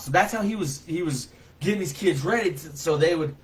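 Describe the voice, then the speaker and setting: A man with a somewhat high voice tells a story from his own life in a loose, colloquial way. He is animated and gets loud whenever he replays his own lines. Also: a little fast, low-quality recording. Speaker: vlogger telling a personal story. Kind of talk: casual spoken storytelling.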